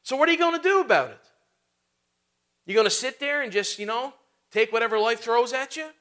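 A man preaching with a high, bright voice that rings out clearly. He keeps things conversational, tossing in rhetorical questions and casual asides between points. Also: lively intonation, fairly quick. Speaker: pastor. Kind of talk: sermon.

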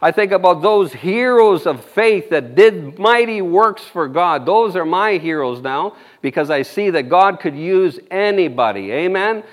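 A man's voice: high-pitched, expressive, unhurried, hardly any pauses. A man preaching an informal sermon, rambling and folksy, with frequent amens and chuckles.

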